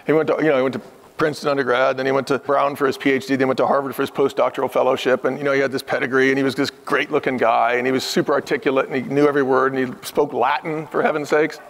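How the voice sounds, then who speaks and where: A man in his fifties, formerly a restaurant chief executive, speaks rapid-fire with flat delivery at medium pitch as a podcast guest. Still, his storytelling is earnest and emphatic, acting out the people he quotes. A long hall reverb hangs on the audio.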